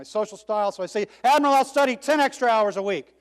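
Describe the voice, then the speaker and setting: Animated man telling a story in a hall. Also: high voice, a little fast. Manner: dramatic, acts out dialogue and shouted cheers. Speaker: keynote speaker. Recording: long hall reverb.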